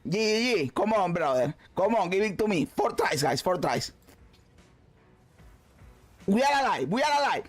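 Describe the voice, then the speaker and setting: A man streaming a video game, commenting loudly, swearing and shouting at the game. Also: high-pitched, big pitch swings, unhurried, pauses often, soft background music. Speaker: gaming streamer. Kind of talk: excited gameplay commentary.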